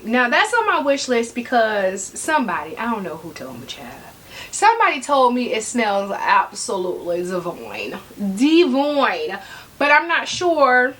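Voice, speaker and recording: A woman vlogger, chatting casually and sassily to her viewers, often checking in with "okay?". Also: fairly high pitch. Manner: sassy, animated, talks straight to viewers with frequent "okay?". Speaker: fashion vlogger. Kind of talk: casual chat to camera.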